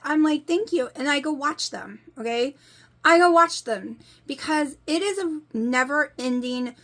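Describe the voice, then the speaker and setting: A woman in her forties with a twang vents to her viewers in a rambling, emphatic way. Her voice sits fairly high and keeps circling back to what bothers her, with a lot of repetition. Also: fairly bright tone. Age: 40s. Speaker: vlogger. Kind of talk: casual talk to camera.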